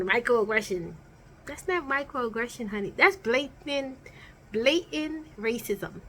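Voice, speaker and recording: Woman, high voice, sassy and outspoken, casual vlog chat, small home office. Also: fairly bright tone. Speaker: vlogger reviewing TV shows.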